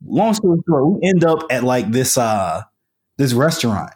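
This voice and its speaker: A man's voice: medium pitch, sing-song, moderate pace, darkish tone. A man, a podcast guest, telling a story in a casual, colloquial way with lots of fillers and restarts. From United States.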